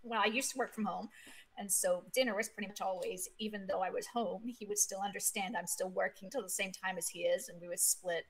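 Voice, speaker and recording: A woman co-hosting a casual talk podcast, speaking in a matter-of-fact, steady way. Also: mid-range voice, brisk, breathy edge, rough recording. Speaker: podcast co-host. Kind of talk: casual chat.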